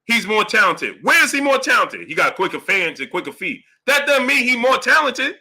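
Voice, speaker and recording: A man's voice: extremely high pitch, big pitch swings, normal speed, gravelly, sharp tone, breathy edge. A man hosting a boxing live stream, arguing emphatically with rhetorical questions and reading out super chats. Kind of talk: heated live-stream commentary.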